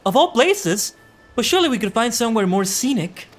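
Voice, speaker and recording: A man doing a high, flustered young woman. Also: very animated, brisk, soft background music. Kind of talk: reading game dialogue aloud.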